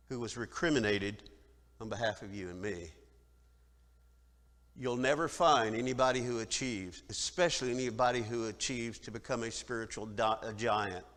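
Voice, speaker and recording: Preaching man in a reverberant church. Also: medium pitch. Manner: dramatic swings from loud declaring to quiet reflection. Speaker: minister. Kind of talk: sermon. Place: church sanctuary.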